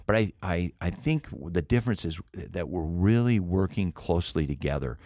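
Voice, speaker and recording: Very deep-voiced man telling earnest stories. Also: expressive, normal speed, darkish tone, dry recording, clean studio sound. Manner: earnest storytelling, frequent restarts. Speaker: rescue mission leader. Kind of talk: interview conversation.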